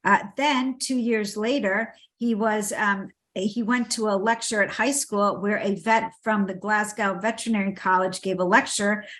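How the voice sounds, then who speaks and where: A woman's voice: mid-range voice, fairly even intonation, moderate pace, few pauses, a bit bright. Chatty woman hosting a book club. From United States. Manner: chatty, with playful asides and frequent fillers. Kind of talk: casual book summary.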